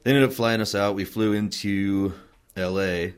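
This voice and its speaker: A man from Wyoming, a Marine veteran being interviewed, telling his story in a relaxed, rambling way with many fillers and restarts. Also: fairly low pitch, normal speed, clear, resonant tone. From Wyoming, USA. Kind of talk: casual oral-history storytelling.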